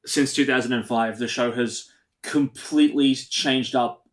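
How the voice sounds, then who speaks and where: A man's voice: medium pitch, steady tone, unhurried. Man co-hosting a chatty review podcast. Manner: steers the talk and wraps up the episode. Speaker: podcast co-host. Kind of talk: casual chat reviewing episodes.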